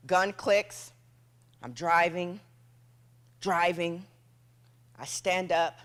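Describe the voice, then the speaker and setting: A woman giving a motivational keynote speech on stage, telling a dramatic story in short punchy phrases and dropping to a hush at tense moments. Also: low voice, lively intonation, slow, long pauses. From United States. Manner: acts out quoted voices, drops to a hush for tense moments. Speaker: motivational speaker. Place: event stage before an audience.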